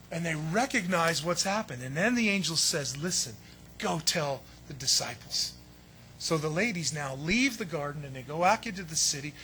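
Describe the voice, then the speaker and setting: A man preaching a sermon, telling the story in a lively way and acting out the voices of the people in it. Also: on the high side, slight background noise. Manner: animated storytelling, acts out voices of biblical figures. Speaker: pastor.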